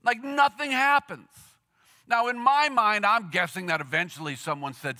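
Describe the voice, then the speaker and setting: A man preaching a sermon in a lively, conversational storytelling way, acting out the characters as he goes. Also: high voice, moderate pace. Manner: animated, conversational storytelling with acted quotes. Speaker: pastor.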